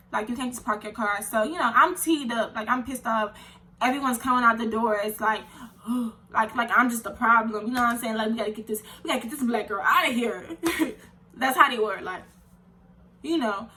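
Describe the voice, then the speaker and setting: Bright, animated young woman. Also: sits high. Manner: animated, indignant storytelling with slang. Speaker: vlogger. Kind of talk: storytime vlog.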